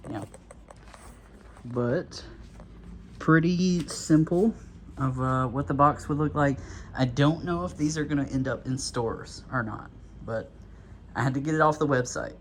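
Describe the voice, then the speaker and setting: A man's voice: mid-range voice, a bit bright, slight background noise. A man casually talking through an unboxing at home, a bit out of breath, rambling with lots of fillers and little chuckles. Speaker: vlogger.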